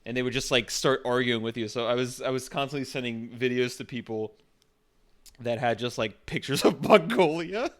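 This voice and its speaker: A man's voice: medium pitch, flat delivery, brisk, a bit bright, clean tone. A man streaming casually, rambling with frequent restarts and swearing as he chats.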